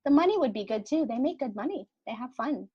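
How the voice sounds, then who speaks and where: A woman in her forties chatting as a podcast guest, telling lively stories and acting out the people in them. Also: sits high, fast talker, husky, dry recording, dull audio. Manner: animated storyteller, acts out quoted voices. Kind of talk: casual interview chat.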